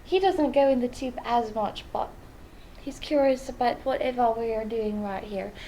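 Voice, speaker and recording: A young woman playing a chatty young secret-agent vlogger in an Australian accent, in an in-character role-play vlog, rambling and dropping into hushed whispers. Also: a little high, moderate pace, slight background noise, natural voice, rough recording. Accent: Australian, put on.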